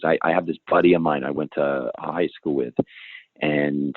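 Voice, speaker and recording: Over dry, phone-like call audio with no echo, a man with a bass voice tells stories as an interview guest. His tone is steady and his pace measured, yet he rambles, cuts himself off, restarts sentences and laughs along.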